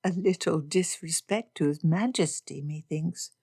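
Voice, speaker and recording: A witty young lady who teases with a light, playful touch, as the audiobook narrator puts her on. Her voice is a touch low and stays close to the narrator's own. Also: a little slow, a little mellow, slightly rough, dry recording, exaggerated voice. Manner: playful and teasing. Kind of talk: audiobook character voice.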